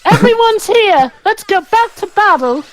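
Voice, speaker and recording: A woman's voice: very high voice, animated, a little slow, pitched above the performer's own voice, poor audio. A woman voicing a young boy king with a dry, teasing manner in a fan-voiced game playthrough. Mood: wry. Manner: wry, teasing.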